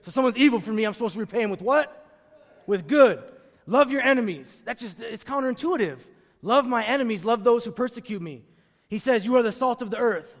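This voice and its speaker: High-voiced man preaching with call-and-response. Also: expressive, brisk. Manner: emphatic, repeats key phrases. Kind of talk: sermon. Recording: long reverb of a large room.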